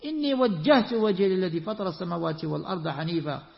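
A man with a high voice teaches a religious lesson, breaking into quick Quran recitation and posing rising rhetorical questions. His voice carries a long echo through a hall, and the sound is muffled and lo-fi. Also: creaky. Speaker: Islamic teacher.

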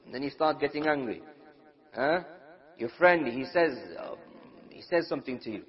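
A man's voice: fairly high pitch, lively intonation, moderate pace, big-room sound. A man from the UK giving an Islamic lecture, asking his audience questions and acting out everyday quarrels. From United Kingdom. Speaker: Islamic preacher. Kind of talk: religious lecture to a live audience. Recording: dull lo-fi recording.

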